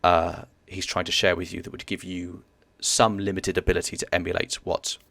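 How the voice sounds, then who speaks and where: A man narrating as game master of a tabletop game, halting and searching for words as he describes the scene. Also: deep voice, level tone, gravelly, bright, forceful tone, dry recording.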